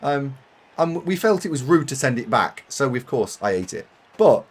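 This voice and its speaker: This British streamer's voice is mid-range and animated, at a normal speed. While gaming live, he rambles to his viewers, laughs frequently, and jokes at his own expense.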